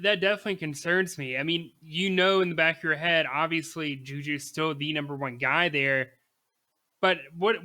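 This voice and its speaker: A young man co-hosting a casual sports podcast in a bright, forceful voice that sits a little high. He talks emphatically and with animation, laughing easily between his points. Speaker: podcast co-host.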